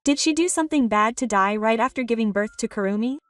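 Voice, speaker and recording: A woman narrating a story in a plain, even reading voice. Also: a little high, fast talker. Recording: distant voice over soft background music.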